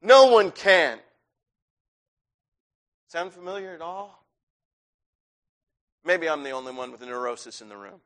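High-voiced male preacher, conversational. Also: expressive, normal speed, long pauses, sharp tone. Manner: conversational, rising to intense. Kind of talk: sermon.

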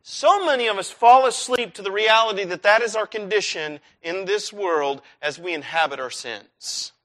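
A man preaching a sermon, telling a personal story with lively swings from hushed to shouted. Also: high-pitched, moderate pace.

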